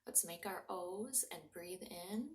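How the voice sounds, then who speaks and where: A woman leads small children through slow breathing exercises, soft and encouraging, now and then dropping to a whisper. She speaks slowly and calmly. She is heard from a little way off in a roomy, echoing room. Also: on the low side, a little hiss or hum. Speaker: children's librarian leading a mindfulness story time. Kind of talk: gentle guided breathing lesson for young children. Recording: roomy home recording from a distance.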